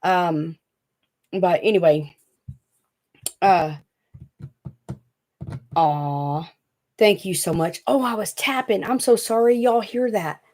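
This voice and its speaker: A woman's voice: lowish voice, slow, pauses often, darkish tone. A woman with a Southern US accent, hosting a casual, rambling livestream chat from a small room at home. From Tennessee. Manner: rambling, chatty, fidgety. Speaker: DIY craft channel host.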